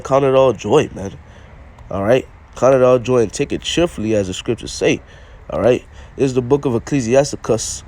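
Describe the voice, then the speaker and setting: A man's voice: medium pitch, a little mellow. Man preaching a repetitive, casual sermon. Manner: repetitive, punctuates with "all right?"; reads scripture in King James English, then explains plainly. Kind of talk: informal street sermon.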